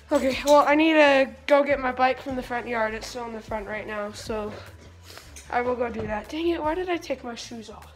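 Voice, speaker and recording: A woman's voice: on the high side, moderate pace, soft background music. A teenage girl vlogging at home on her phone, chatting playfully to her dogs and viewers. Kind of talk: casual vlog talking to dogs and viewers. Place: family home, indoors. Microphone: phone camera.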